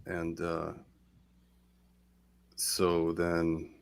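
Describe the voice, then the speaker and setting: A low, gravelly male voice, extremely slow, belongs to a guest storyteller on a live talk show. He rambles through a long personal story, animatedly acting out what people said in quoted voices.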